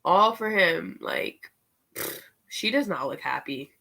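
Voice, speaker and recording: A woman's voice: fairly low pitch, animated, slow pace, vocal fry, sharp tone. A woman giving a casual spiritual tarot reading, chatty and candid, swearing and using slang freely, and getting worked up over the cards. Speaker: tarot reader.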